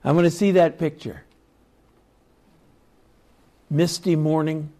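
A man teaching a Bible study, retelling scripture stories in a slow, reflective way and reading passages aloud. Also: a little high, fairly even intonation, dark tone. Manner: slow, reflective storytelling with chuckles.

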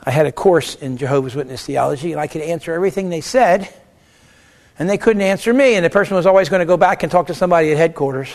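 Lecturing a theology class fast, in a voice noticeably high for a man, he argues both sides of a question out loud. He fires off rhetorical questions and snaps back short answers, keeping his delivery animated and emphatic.

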